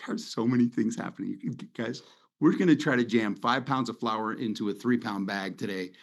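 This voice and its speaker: A middle-aged man hosts a webinar over a video call from his home office, giving a casual presentation over slides. His voice is gravelly and mid-range, at a moderate pace. He talks in a conversational, rambling, sentimental way.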